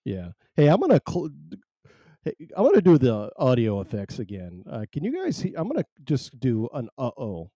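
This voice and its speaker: A man's voice: mid-range voice, wildly swooping pitch, moderate pace, mellow, no echo, studio quality. A man hosting a casual live talk show, rambling and joking at his own expense as he greets listeners. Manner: rambling, jokey, self-mocking. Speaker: host.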